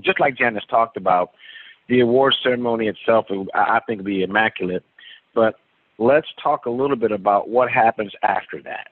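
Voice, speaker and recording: A man's voice: mid-range voice, normal speed, no room sound. A man leading a motivational conference call, giving a preachy pep talk that builds with long lists. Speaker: team leader. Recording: tinny phone line.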